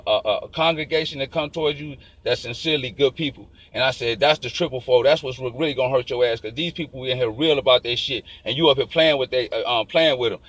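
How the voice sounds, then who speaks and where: A man telling a long story in a casual, animated and profane street style. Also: on the high side, rough recording. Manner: profane, animated, fast-talking.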